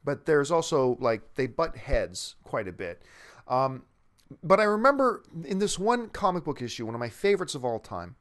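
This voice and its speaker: A man's voice: mid-range voice, big pitch swings, moderate pace, fairly bright tone. A man hosting a movie news show, chatting casually and enthusiastically in a rambling way as he answers a viewer's question, often restarting his sentences.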